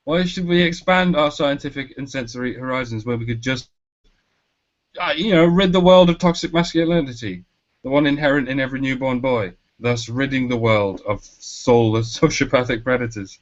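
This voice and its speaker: A man's voice: mid-range voice, moderate pace. Sarcastic ranting man, dull lo-fi sound. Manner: sarcastic, swearing, mocking. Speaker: podcast co-host. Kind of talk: sarcastic rant. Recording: dull lo-fi audio.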